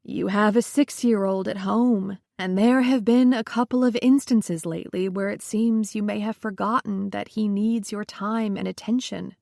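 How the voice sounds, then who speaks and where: A woman narrator voicing an anxious social worker friend who talks softly and placatingly, recorded dry and close. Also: mid-range voice, steady tone, moderate pace, creaky, hardly any pauses, no echo, close to an everyday voice. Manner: soft, hedging and placating.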